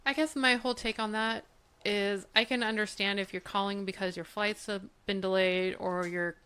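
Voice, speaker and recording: A woman's voice: mid-range voice, steady tone, normal speed, fairly bright tone, clear, resonant tone. Middle-aged female co-host, mid-range voice, easygoing chat with ready laughs. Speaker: podcast co-host. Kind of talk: casual chat.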